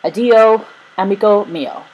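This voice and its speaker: A woman voicing a courtly Venetian gentleman who gives a tender farewell in a storybook reading. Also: mid-range voice, unhurried, breathy edge, dull audio, voice pushed up. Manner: gracious, tender.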